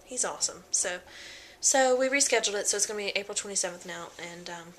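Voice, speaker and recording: A chatty young woman telling her story to a camera in a relaxed vlog. Her pitch sits mid-range for a woman, and a faint hiss of background noise runs under the voice. She rambles with plenty of fillers and quoted lines. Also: fast. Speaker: vlogger. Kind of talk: casual pregnancy vlog.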